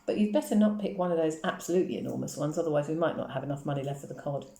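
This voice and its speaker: Woman reader doing a brisk, caring storybook mother, plain low voice. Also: lively intonation, warm tone, roomy sound. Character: mother, firm but caring.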